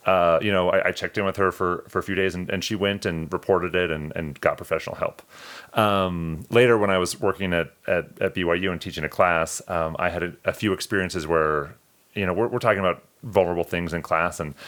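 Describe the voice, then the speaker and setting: Deep-voiced earnest male podcast host. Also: steady tone, brisk, a bit bright. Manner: earnest, emotional, many restarts. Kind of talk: personal storytelling in conversation.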